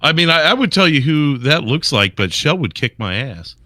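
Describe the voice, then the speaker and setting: A man's voice: on the high side, big pitch swings, moderate pace, pushed and bright, no echo, studio quality. A man co-hosting a podcast, blunt and profane, explaining money tips in a casual way. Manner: blunt, profane, gives practical advice. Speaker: podcast co-host.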